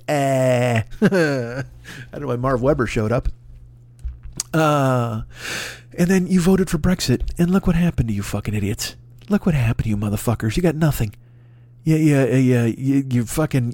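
A man's voice: medium pitch, moderate pace, darkish tone, no echo. A man ranting on a comedy podcast, profane and rambling, riffing as he goes. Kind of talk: comedic rant.

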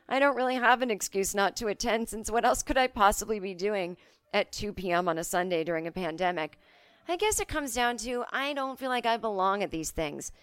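Podcast host, female, foul-mouthed ranter, smooth voice, dry close-mic sound. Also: medium pitch, no echo. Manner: blunt, profane, self-deprecating rants. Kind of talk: solo comedic podcast monologue.

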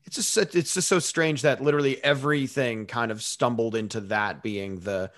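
A man's voice: medium pitch, normal speed, fairly bright tone. A man co-hosting a podcast, offhand and sarcastic, swearing casually. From Boston area. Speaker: podcast co-host.

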